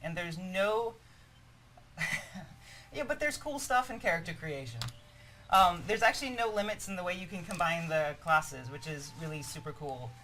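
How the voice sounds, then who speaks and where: A hoarse woman walks viewers through a game on a live stream. She talks in an upbeat, explanatory way, with a faint hiss of noise behind her. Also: fairly low pitch, lively intonation, moderate pace, a bit bright, poor audio. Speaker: game presenter.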